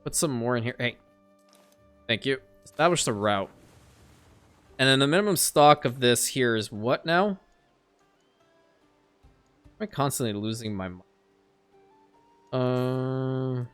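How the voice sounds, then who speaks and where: Bright-voiced man muttering over gameplay. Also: medium pitch, lively intonation, takes it slowly, long pauses, clear, resonant tone, faint music behind. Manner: talks to the game, muttering, flares into loud exasperated rants. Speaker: gameplay commentator. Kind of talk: casual let's-play commentary.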